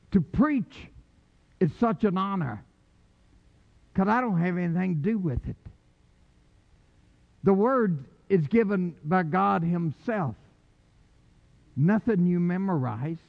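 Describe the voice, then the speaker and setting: An older man preaching a sermon with fervor, swinging from low quiet lines to shouted calls. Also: gravelly. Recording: muffled, echoey hall.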